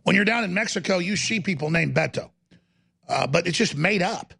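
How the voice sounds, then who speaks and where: A man hosting a talk radio show, ranting aggressively in a rapid-fire manner. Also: high-pitched, lively intonation, gravelly, pushed and bright, breathy edge.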